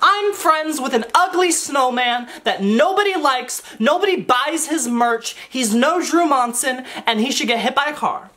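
A man's voice: very high voice, expressive, a little slow, hardly any pauses, bright, forceful tone, full character voice. A man voicing a haughty young cartoon ice princess in a snide, catty way.

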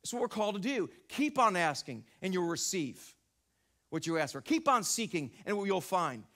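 Lively high-voiced preacher man. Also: moderate pace. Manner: animated storytelling, exclaiming and repeating phrases. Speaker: pastor. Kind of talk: sermon. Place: church sanctuary.

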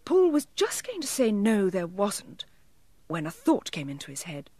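Woman narrator, children's storybook, animated pitch, breathy, dry close sound. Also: moderate pace, no echo. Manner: gentle, expressive storytelling. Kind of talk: storybook reading.

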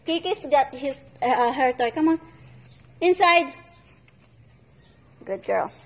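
Woman bossing her dogs around, high voice, really slow and drawn out. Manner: slow commands, coaxing and scolding; high excited pet-talk when urging. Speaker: vlogger and dog owner. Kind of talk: talking to pet dogs.

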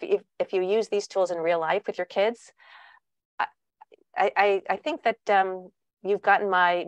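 A woman's voice: mid-range voice, no room sound. Woman parenting author on a video call, dry close sound, midrange voice. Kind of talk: online talk with Q&A.

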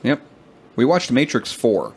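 A man's voice: medium pitch, huge pitch swings, unhurried, creaky, a little hiss or hum. Easygoing young man co-hosting a podcast. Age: 20s. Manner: easygoing, reads brewery blurbs aloud. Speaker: podcast co-host. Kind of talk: casual chat.

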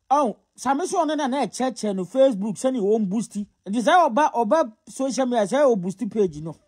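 A man's voice: very high voice, animated, fairly quick, hardly any pauses, darkish tone, slightly rough. A Ghanaian man giving casual gossip commentary, mocking and scolding as he mixes Twi and English. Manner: scolding, mocking, often laughing.

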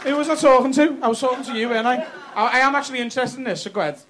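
A man's voice: very high voice, very fast. A man with a Liverpool accent doing brash, sweary stand-up crowd work in a comedy club. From Liverpool, England. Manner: brash, sweary, teasing banter. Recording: live club with audience noise.

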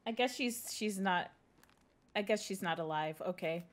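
A young woman with a mid-range voice and moderate pace streams a horror game live. Scared and jumpy, she whispers, then exclaims as she plays and thanks her viewers.

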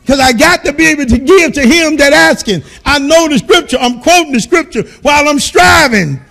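A man preaching a sermon as pastor, calling out to the congregation and swinging between quiet storytelling and shouting. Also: extremely high pitch, lively intonation, moderate pace, creaky.

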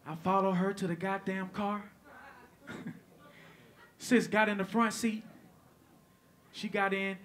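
A man telling a stand-up comedy story onstage, animated and profane, swinging between loud bursts and hushed asides. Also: high-pitched, slow pace, pauses often, faint music behind. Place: comedy stage before live audience.

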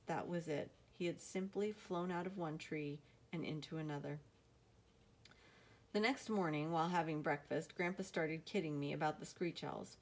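A woman reads a novel aloud in a steady, measured way. Her voice sits somewhat low for a woman. She tells the story plainly and evenly. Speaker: audiobook narrator.

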